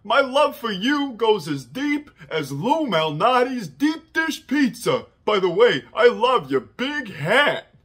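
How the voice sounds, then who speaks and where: A man putting on a lovestruck young greaser, drawing out loud exclamations. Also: very high-pitched, big pitch swings, slow pace, slightly rough, voice pushed up, full character voice. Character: loud Chicago greaser boy, lovestruck and drawling.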